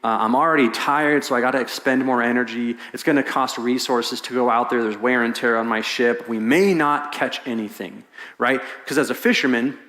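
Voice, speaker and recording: Speaking at a moderate pace in a mid-range voice, a man gives a sermon as pastor. He tells a story animatedly, performing the quoted voices, and the large church hall echoes around him.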